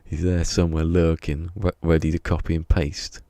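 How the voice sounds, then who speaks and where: His extremely low, mellow voice stays level at a moderate pace as he chats loosely during a game live stream, rambling and mumbling to himself while he works.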